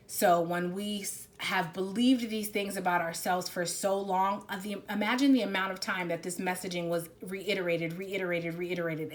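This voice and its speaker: A woman's voice: on the low side, a bit bright. Rambling casual woman tarot reader. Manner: casual, rambling, emphatic with many restarts. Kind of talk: spiritual reading monologue.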